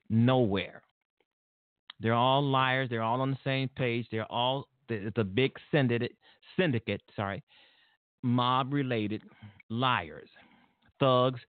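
A man's voice: medium pitch, no echo. Angry talk show host, man, profane and rambling; thin phone-line sound. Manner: heated, profane, rambling with restarts. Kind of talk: angry political commentary. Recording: tinny phone-like line, dry.

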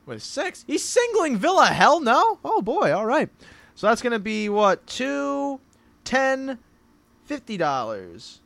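A man hosting a casual horse racing picks show, animated and jokey with playful wordplay. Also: very high voice, takes it slowly, gravelly, no echo. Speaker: host. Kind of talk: casual harness racing handicapping chat.

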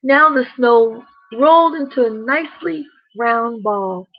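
A high-voiced woman reads a bedtime story slowly and gently, talking straight to the children. Her voice is breathy, and the recording is dry and a little dull. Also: animated, no room sound. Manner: slow, gentle, addresses children directly.

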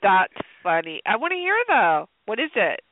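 A woman's voice: medium pitch, sing-song, normal speed. A woman radio host chatting with a guest, eager and encouraging. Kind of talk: radio interview chat. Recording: dry, tinny phone-quality audio.

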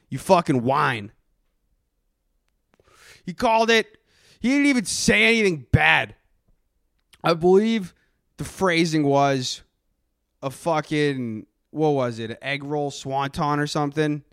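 Comedic male podcast host in character, profane aggressive rant, a little high-pitched, dead-dry sound. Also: slow pace, pauses often, fairly bright tone, clean tone, dry recording.

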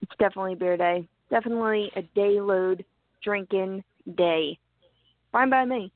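A woman's voice: medium pitch, normal speed, dry recording. Giggly woman with a southeastern Pennsylvania accent. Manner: giggly, chatty. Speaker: co-host. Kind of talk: casual chat. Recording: tinny phone-like call audio, dry.

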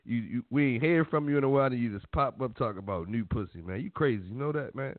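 A man's voice: medium pitch, quick pace, no echo. A man hosting a casual late-night call-in radio show, talking in a loose, joking way. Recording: dry, phone-like lo-fi sound.

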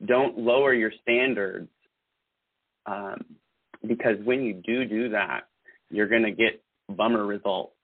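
On a casual podcast where he's filling in as host, a man with a lowish voice talks earnestly and meanderingly, often starting over. He speaks at a measured pace with frequent pauses, sounding tinny as if over a phone, though with no room sound.

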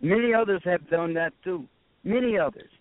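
A man calling in to a radio talk show as a regular, speaking sarcastically after a few halting starts. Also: high-pitched, no room sound. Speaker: regular caller. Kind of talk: call-in radio commentary. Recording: dry, tinny phone line.

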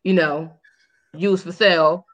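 A woman co-hosting a podcast, telling a dating story in casual chat, candid and animated with frank profanity. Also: fairly low pitch, a little slow. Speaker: podcast co-host.

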